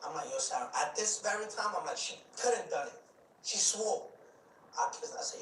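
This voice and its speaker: A man telling a personal story in an animated way, acting out what others said and repeating himself as he goes. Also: on the high side, normal speed, faint music behind. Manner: acts out quoted dialogue, repeats words, restarts. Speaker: storyteller recounting his past. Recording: roomy, distant mic with faint background noise.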